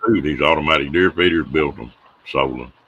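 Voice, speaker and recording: A man's voice: very deep voice, a little fast, a bit bright, dull audio, a little hiss or hum. A middle-aged man, hosting and telling folksy stories in a casual, laughing way. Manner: folksy, drawling yarn-spinner who laughs at his own tales. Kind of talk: casual storytelling on a live show.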